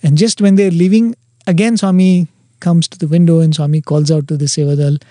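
A man's voice: on the high side, steady tone, fairly quick, dark tone, no echo. A man earnestly telling a devotional story, quoting dialogue along the way. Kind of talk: devotional anecdote.

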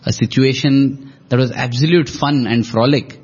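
A man's voice: medium pitch, fairly even intonation, normal speed, darkish tone, breathy edge. A man, joining a conversation about devotional stories and recalling an episode of his own. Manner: attentive, responds with short affirmations. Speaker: co-host in a devotional talk. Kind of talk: conversational discussion. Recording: dull lo-fi audio.

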